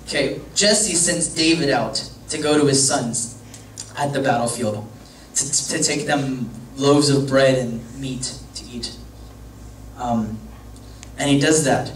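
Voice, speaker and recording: Speaking slowly at a medium pitch, a young youth pastor rambles through a story for a youth group, keeping it light and full of jokes. The sound is distant and echoey, with a faint hum underneath.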